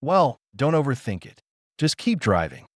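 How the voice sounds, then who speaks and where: A bright, teasing grown daughter, read by a male narrator with a lively, bouncing pitch. The sound is dry and close, as in a storybook telling. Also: moderate pace, no room sound. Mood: cheerful. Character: cheerful grown daughter on the phone.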